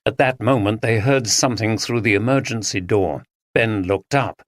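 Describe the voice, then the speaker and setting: A man reading a story aloud as an audiobook narrator, with expressive storytelling. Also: fairly low pitch, normal speed, dry recording, studio quality. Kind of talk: scripted narration.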